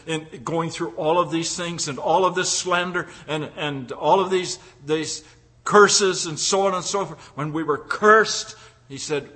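A man preaching a sermon with emphasis, swinging from loud declarations to hushed pleading and often restarting words mid-phrase. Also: a little high, measured pace, breathy edge.

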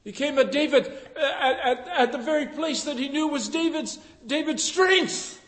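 Male preacher, very high voice, fervent sermon delivery, reverberant church hall. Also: moderate pace. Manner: fervent, rising to loud emphatic passages. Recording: echoey hall with long reverb.

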